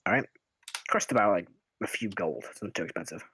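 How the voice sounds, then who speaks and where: A man running a tabletop game as game master, narrating in a relaxed, rambling way and humming while he thinks. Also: deep voice, a little fast, breathy edge, no room sound.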